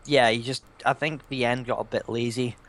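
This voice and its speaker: A man's voice: mid-range voice, fairly even intonation, moderate pace, a bit bright. A man judging game montages in casual chat, hesitant and full of restarts. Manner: hesitant, many fillers and restarts. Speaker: montage judge.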